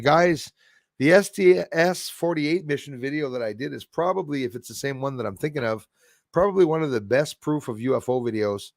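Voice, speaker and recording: A man rambles through a casual livestream, reading out viewer comments, laughing often and trailing off with fillers. His voice sits at an ordinary middle pitch. The sound is dry and close, with no room echo. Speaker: livestream host.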